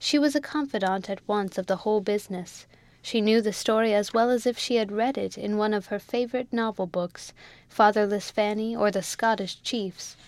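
A woman narrating a classic novel in a measured, expressive audiobook reading. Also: medium pitch, dry recording. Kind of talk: scripted narration.

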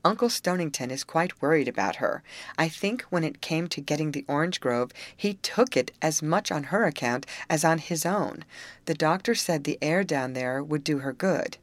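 A woman's voice: low-pitched, animated, normal speed, dry recording. A woman reading the part of a polite, earnest teenage girl in an audiobook.

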